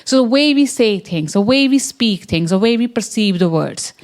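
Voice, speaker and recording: A woman's voice: on the high side, expressive, normal speed, a little mellow. A woman from the English Midlands with an Indian accent, a science education researcher presenting to a room and checking in with her listeners. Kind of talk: academic talk with slides.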